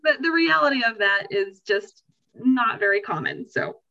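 Animated woman podcast host, lo-fi sound. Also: on the high side, moderate pace, creaky. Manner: animated, acts out quoted feelings. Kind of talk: explaining a topic conversationally.

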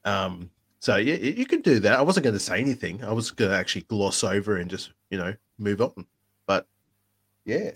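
A man's voice: fairly low pitch, animated, normal speed, breathy edge. A man co-hosting a casual live-stream podcast, talking in a rambling way with many restarts. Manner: rambling, with frequent restarts and fillers. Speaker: podcast co-host.

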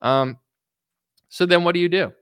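A man's voice: high voice, normal speed, fairly bright tone, clean tone, no room sound, clean studio sound. A man giving a blunt, sarcastic political commentary rant, mocking and casual.

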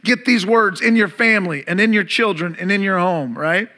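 Man, pastor, sermon, high-pitched, bright tone, emphatic repetition, questions to the congregation. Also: normal speed. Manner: preaches with rising emphasis, repeating key words, asks the congregation questions.

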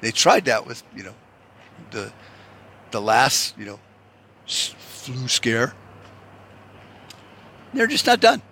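A man's voice: mid-range voice, wildly swooping pitch, unhurried, vocal fry, long pauses, sharp tone, a little hiss or hum. A man from the United States in a profane, rambling political rant, swearing often and restarting his sentences.

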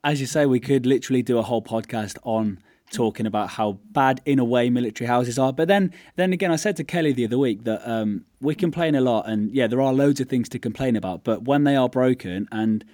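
A man's voice: mid-range voice, a little fast, no echo, clean studio sound. A man co-hosting a podcast in casual chat, telling stories and acting out quoted remarks. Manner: relaxed storyteller, quotes people in lively asides. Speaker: podcast co-host.

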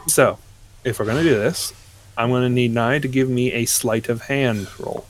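A man's voice: medium pitch, moderate pace, a little hiss or hum. Hesitant man running a tabletop game. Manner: hesitant, lots of fillers. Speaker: game master.

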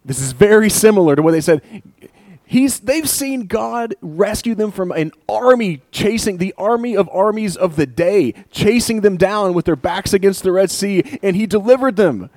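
A man preaching a sermon in a conversational, storytelling way, building to animated emphasis. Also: high-pitched, normal speed, dry recording. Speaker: pastor.

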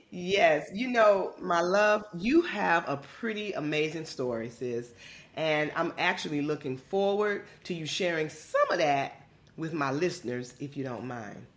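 Her voice sits low and sounds expressive as she hosts her podcast. The Georgia native keeps it casual, calls listeners "y'all," and leans into a drawn-out, emphatic style.

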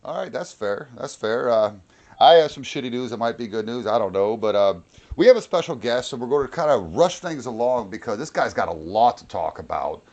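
A young man hosting a casual podcast, his talk loose and peppered with swearing. His voice sits at an ordinary middle pitch, and he jokes and laughs easily through the banter. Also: animated, brisk, a little mellow, dull audio. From North Carolina, USA. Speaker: podcast host.

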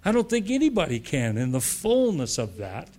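A slightly high voice with wildly swooping pitch carries this sermon at a moderate pace. The American preacher speaks to church leaders conversationally, repeating phrases, adding asides, and rising emphatically to loud declarations.

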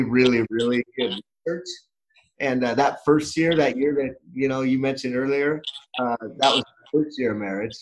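A man's voice: medium pitch, slight background noise, low-quality recording. Rambling middle-aged male podcast host. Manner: rambling storyteller with many restarts. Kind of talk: casual podcast conversation.

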